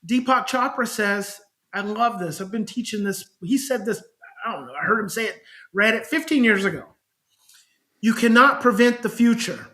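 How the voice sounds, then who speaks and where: A man's voice: sits high, normal speed. Middle-aged man telling stories animatedly. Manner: animated, acts out parents' voices when quoting them. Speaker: child behavior specialist, podcast guest. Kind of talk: conversational storytelling.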